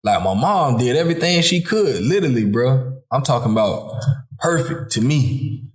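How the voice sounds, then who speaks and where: A man hosting a podcast who talks through fatherhood in a relaxed, heartfelt chat, often calling his friend "bro". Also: medium pitch, moderate pace. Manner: informal Southern US speech, calls listener "bro". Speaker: podcast host. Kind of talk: casual heartfelt conversation. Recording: echoey room.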